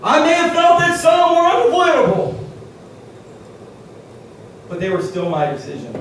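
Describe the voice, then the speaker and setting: A man preaching a sermon, shouting his points with many "uh" fillers and then dropping to quiet asides. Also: very high-pitched, huge pitch swings, moderate pace. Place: church hall. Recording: echoey hall picked up from far off, faint hiss.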